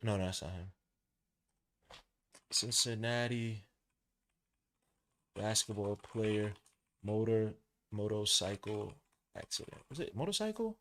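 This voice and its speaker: A man hosting a live watch-along podcast, giving casual play-by-play in a relaxed, slangy way and jumping from hushed commentary to loud excited outbursts. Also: on the low side, takes it slowly, long pauses. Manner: casual slang, talks to the listener like a friend. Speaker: podcast host calling a game.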